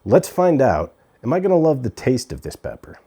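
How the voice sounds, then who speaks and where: A man chatting casually as he reviews a pepper from his garden, relaxed and talkative with fillers. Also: medium pitch, normal speed, husky. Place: outdoors in a garden on a hot day.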